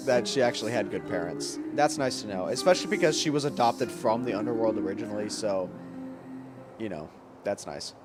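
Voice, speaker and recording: Male game streamer, thinks out loud, loud excited outbursts, game music behind. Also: lowish voice, brisk. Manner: thinks aloud, erupts into loud excited reactions. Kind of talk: casual gaming livestream commentary.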